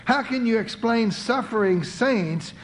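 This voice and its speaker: A man's voice: very high voice, a little slow, voice pushed up, rough recording. A man doing a gleeful smug TV host. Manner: gleeful, showy. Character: smug talk-show host, scheming man.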